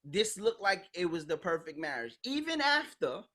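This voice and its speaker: A woman's voice: lowish voice, big pitch swings, moderate pace, fairly bright tone. A woman hosting a podcast in casual chat, talking bluntly and animatedly, acting out quoted voices and swearing freely. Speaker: podcast host.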